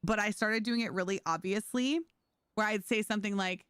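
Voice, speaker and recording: A woman's voice: mid-range voice, brisk, a bit bright, clear, resonant tone, no room sound, clean studio sound. A woman streamer chatting casually with her viewers while playing, telling stories and laughing often. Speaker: game streamer. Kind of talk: casual livestream chat.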